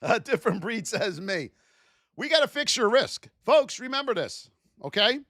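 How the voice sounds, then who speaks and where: High-pitched animated male trading instructor. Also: moderate pace, no room sound, studio quality. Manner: animated, acts out traders' self-talk, addresses chat. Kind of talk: live-streamed trading class.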